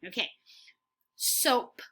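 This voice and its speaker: Leading young children through phonics, a female teacher speaks at a slow, encouraging pace, modeling words for the class to echo back. Her tone is fairly bright.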